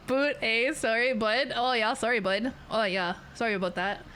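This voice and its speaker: A woman's voice: a little high, sing-song, slow, a bit bright, a little hiss or hum, heavily acted. Woman putting on an exaggerated Canadian accent. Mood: hammy. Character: cheerful overly polite stereotypical Canadian.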